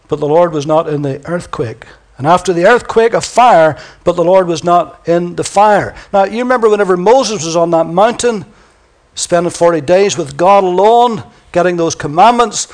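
Preacher swinging from booming to whispered. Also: male voice. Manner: swings from booming declarations to hushed near-whispers; reads scripture aloud dramatically. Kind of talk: sermon.

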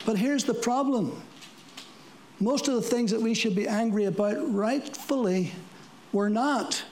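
A preacher giving a sermon to a congregation, talking plainly with rhetorical questions and dry asides, slowing down for scripture quotes. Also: medium pitch, darkish tone, rough recording. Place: church service before a congregation.

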